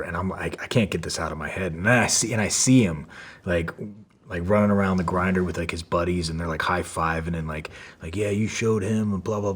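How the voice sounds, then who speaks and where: A man telling a story from his past in a casual way, full of fillers and swearing, acting out the quotes. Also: sits low. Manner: profane, lots of fillers, acts out quotes. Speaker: podcast guest.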